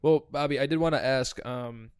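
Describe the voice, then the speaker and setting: A man's voice: mid-range voice, normal speed, clean tone, no echo. A young man hosting a casual podcast, with a voice in the middle range. He sounds chummy and laughs often. The recording is dry and close. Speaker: podcast host. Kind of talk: casual chat.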